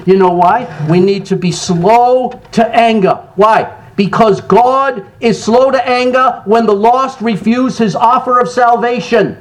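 A man preaching a sermon, jumping from loud exclamations to soft asides and laughing between phrases. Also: high-pitched, moderate pace, slight background noise, low-quality recording. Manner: animated preaching, sudden loud rises and soft drops. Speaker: pastor.

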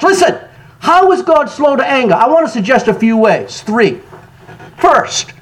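A man preaching a sermon, jumping from loud exclamations to soft asides and laughing between phrases. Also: extremely high pitch, rough recording. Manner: animated preaching, sudden loud rises and soft drops. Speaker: pastor.

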